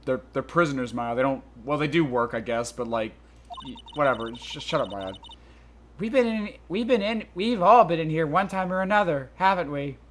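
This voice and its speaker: A man's voice: a little high, expressive, normal speed, slight background noise, lightly acted. A man playing a flustered, stammering young lawyer. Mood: exasperated. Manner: exasperated, stammering retorts.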